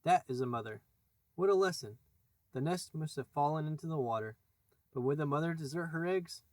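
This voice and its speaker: A man's voice: fairly high pitch, animated, fairly quick, darkish tone, no echo, close to an everyday voice, low-quality recording. A man voicing a proud, brooding pirate captain who speaks theatrically, with old-fashioned oaths and commanding weight, for a storybook reading.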